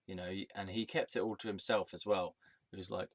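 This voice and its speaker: In a low, steady voice and at a slightly fast pace, a man tells a personal story as a rambling, angry rant, swearing and restarting his sentences. It's a casual storytelling monologue, recorded dry.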